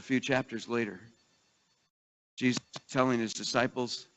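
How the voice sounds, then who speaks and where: A man's voice: medium pitch, fairly even intonation, moderate pace, pauses often, a bit bright, in a large hall. A middle-aged man preaching a sermon in a conversational storytelling way, acting out the people in his stories. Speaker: pastor.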